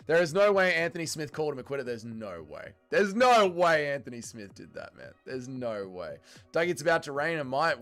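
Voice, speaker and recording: A young man hosting a casual watch-along livestream, reacting to chat in an animated, swearing way. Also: medium pitch, clean tone. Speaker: livestream host.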